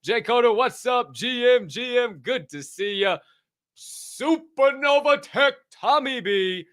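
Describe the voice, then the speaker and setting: A man hosting a casual livestream, excitedly and profanely greeting people in the chat by name. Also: very high voice, slow, clean tone, no room sound, clean studio sound. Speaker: livestream show host.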